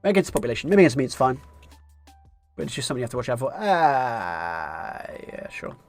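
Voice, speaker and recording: Guy streaming poker, mid pitch, musing over his hands, dry little asides, soft music in the back. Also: sing-song, brisk. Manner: musing, thinking aloud, wry asides. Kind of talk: live-stream poker commentary.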